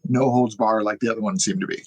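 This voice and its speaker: A man's voice: on the low side, steady tone, fast, a little mellow, no echo, rough recording. A young man co-hosting a podcast, explaining things in a casual, chatty way with plenty of fillers. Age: young adult. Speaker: podcast co-host.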